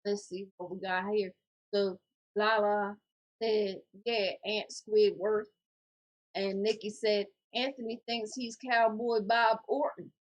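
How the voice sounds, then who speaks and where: A woman co-hosting a casual podcast, reading viewer comments aloud in a jokey, animated way. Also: mid-range voice, slow pace.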